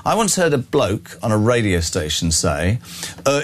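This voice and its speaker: A man's voice: mid-range voice, wildly swooping pitch, moderate pace. A man with a northern English accent hosting live talk radio, brash, chatty and opinionated. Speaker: radio breakfast show host.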